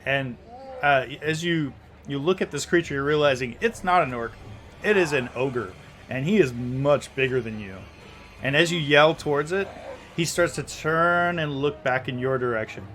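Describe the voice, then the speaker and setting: A man's voice: mid-range voice, normal speed, a bit bright, a little hiss or hum. A man running a tabletop game as game master, narrating the action in vivid, descriptive detail with frequent restarts.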